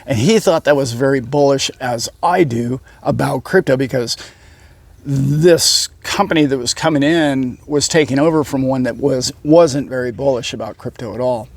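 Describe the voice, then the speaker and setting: A man, a channel host, telling a story in a casual monologue that rambles, with many pauses and self-corrections. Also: mid-range voice, vocal fry, no room sound. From United States. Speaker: channel host, boat captain.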